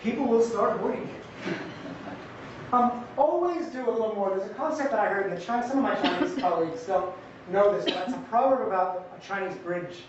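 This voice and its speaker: A man giving an academic conference talk in a conversational, lively way with jokey asides. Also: sits high, fairly quick, background noise. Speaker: conference presenter. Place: lecture hall. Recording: echoey hall, distant mic, dull sound.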